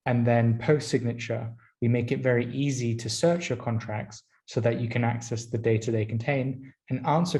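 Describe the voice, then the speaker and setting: Man, from France, company founder, interview guest, even and flat, mellow tone, measured explanations. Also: mid-range voice. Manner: steady, explanatory. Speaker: founder and CEO, podcast guest. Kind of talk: interview answers.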